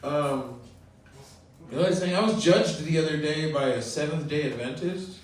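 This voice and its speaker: A man finishing a stand-up set, talking quietly and slowly and trailing off. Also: on the high side. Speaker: stand-up comedian. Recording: echoey room, far from the mic.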